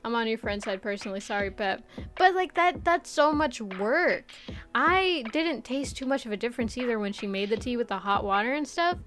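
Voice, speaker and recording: A young woman from the Midwest streaming a casual chat, animated and chatty, laughing often as she reads chat aloud. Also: on the high side, moderate pace, soft background music. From Midwest United States.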